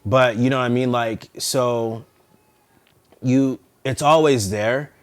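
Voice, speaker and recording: A man's voice: medium pitch, takes it slowly. A young man who works as a police officer, chatting casually and telling profane stories full of acted-out quotes. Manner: profane, storytelling, acts out quoted voices. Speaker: police officer and podcast co-host. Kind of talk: casual chat.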